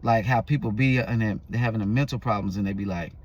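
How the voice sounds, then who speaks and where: A man's voice: fairly low pitch, fast talker. A man vlogging, telling a story in a loose, rambling casual way with restarts and fillers.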